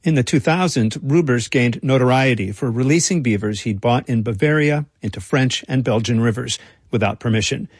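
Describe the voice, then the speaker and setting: A man reporting and narrating a radio feature in a measured, dry storytelling delivery. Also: medium pitch, husky, dry recording. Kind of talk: scripted narration.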